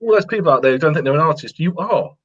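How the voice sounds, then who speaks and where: Artist guest, husky and higher-pitched, earnest pep talk on a lo-fi line. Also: male voice, expressive, very fast. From England. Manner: earnest, repetitive, encouraging. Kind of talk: casual interview chat. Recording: lo-fi sound.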